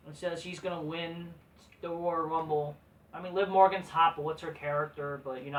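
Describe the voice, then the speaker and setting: A woman's voice: low voice, a bit bright. Profane ranting woman, off-mic. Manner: crude, profane, scornful ranting. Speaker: wrestling show reviewer. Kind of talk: ranting show review. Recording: voice distant from the mic.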